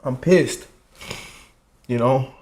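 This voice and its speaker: A man's voice: mid-range voice, drawn-out words, darkish tone, slight background noise. A man hosting a reaction channel, speaking in a heartfelt, emotional way and often adding "man" and "y'all". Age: 20s.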